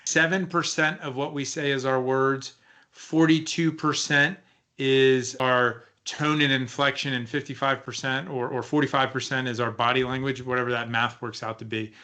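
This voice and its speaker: A man's voice: medium pitch, steady tone, normal speed, sharp tone. A man co-hosting a leadership podcast as a coach, talking casually and emphatically, often asking rhetorical questions.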